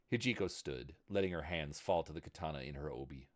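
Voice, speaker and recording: Deep-voiced man reading a story dramatically. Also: fairly quick. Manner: expressive, dramatic.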